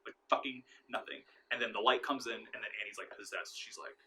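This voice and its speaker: A young man casually recapping a horror movie plot, swearing often and acting out scenes with sudden shouts. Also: lowish voice, brisk, a little hiss or hum, rough recording. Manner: excited, profane, acts out scenes with sudden shouts. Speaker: movie reviewer.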